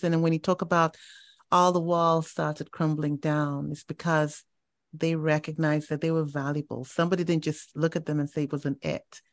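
A woman hosting a faith interview, affirming her guest and reflecting on what was said with slow emphasis. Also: low-pitched, little pitch movement, no room sound. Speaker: interview host. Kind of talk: faith talk show interview.

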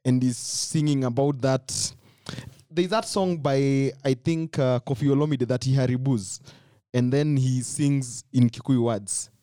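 Male guest, warm, mid-pitched, dry close sound, talkative. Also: a little slow, dry recording. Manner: chatty, laughs often, repeats words. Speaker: podcast guest. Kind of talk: casual podcast chat.

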